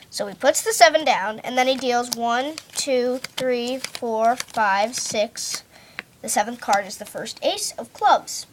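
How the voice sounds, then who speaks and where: A woman performing a card trick while telling it as a story, spelling letters out one by one in a slow, deliberate way. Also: a little high, lively intonation, fairly bright tone. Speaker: magician.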